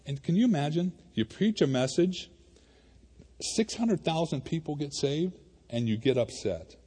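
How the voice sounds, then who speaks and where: Warm-voiced male pastor preaching in a hall. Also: on the high side, measured pace, slightly rough. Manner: conversational and animated, addressing the congregation as "you guys". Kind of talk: sermon. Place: church sanctuary. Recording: reverberant hall.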